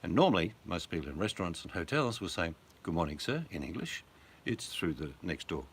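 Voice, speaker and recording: An older Australian man chatting casually, a rambling storyteller who chuckles and slips into loud put-on voices in his anecdotes. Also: low voice, big pitch swings, a little fast, slightly rough. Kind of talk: casual chat.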